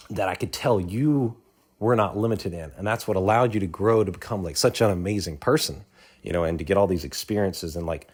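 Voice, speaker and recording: With a voice on the low side, a little mellow and breathy at the edges, an audience member delivers earnest testimony. He goes on at length, rambling, restarting often, and leaning on fillers.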